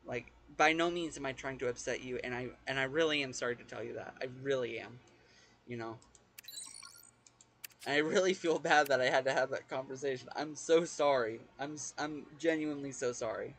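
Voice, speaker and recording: A man's voice: mid-range voice, fairly quick, a bit bright. A young man giving casual let's-play commentary as a gaming host, rambling and hesitant, often repeating words and swearing offhand.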